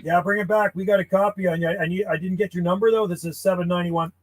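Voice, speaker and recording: A man running an 11-meter radio station, calling out and chatting bluntly between calls, clearing his throat often. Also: high-pitched, steady tone, quick pace, heavy background noise. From Canada. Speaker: CB radio operator. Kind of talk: casual radio chat and calling.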